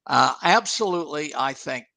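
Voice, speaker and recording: An older man, a guest on a radio talk show, answering thoughtfully with many restarts and halting pauses. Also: a little high, lively intonation, gravelly, bright, forceful tone, no echo. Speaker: guest, former engineer and author. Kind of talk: casual interview talk.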